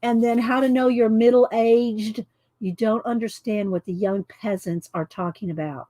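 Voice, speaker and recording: A woman's voice: fairly high pitch, steady tone, unhurried, warm tone, dry recording. A woman, chatting casually on a livestream and reading cards aloud, stumbling over names as she goes. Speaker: channel host.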